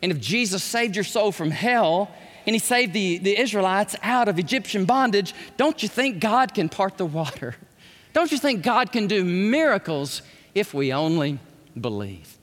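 A man preaching a sermon as pastor, animated and acting out scripture characters. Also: sits high, unhurried. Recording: echoey hall, voice at times far from the mic.

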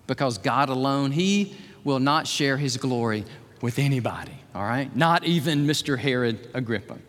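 A man preaching a sermon as pastor of a church, animated and swinging from hushed tones to near shouts. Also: mid-range voice, moderate pace. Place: large church hall. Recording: long hall reverb.

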